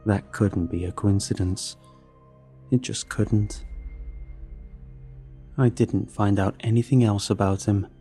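Brief: a man with a low, dark voice for measured horror narration over faint music. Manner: measured, low-key storytelling. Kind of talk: scripted horror story narration.

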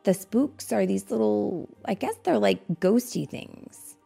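A woman reading a storybook aloud to a child, expressive and acting out the sound effects. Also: medium pitch, takes it slowly, vocal fry, breathy edge, faint music behind.

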